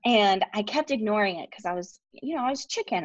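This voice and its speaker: Chatty woman guest, animated storytelling. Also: mid-range voice, a little fast, dull audio, noisy background. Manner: animated, many "like" fillers, laughs often. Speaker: podcast guest. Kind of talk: storytelling in casual interview.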